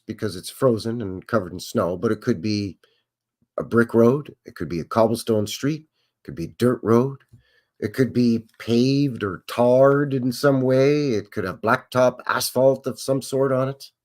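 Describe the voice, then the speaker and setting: A man's voice: medium pitch, normal speed, a little mellow. A middle-aged man hosting a livestream, rambling casually and greeting viewers from the chat by name. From Canada. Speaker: livestream host. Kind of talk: casual live commentary over old footage.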